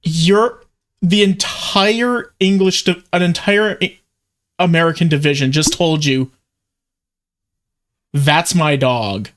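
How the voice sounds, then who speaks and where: A man's voice: high-pitched, unhurried, a bit bright. Joking man reacting to a video. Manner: joking, laughs often. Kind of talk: casual reaction commentary.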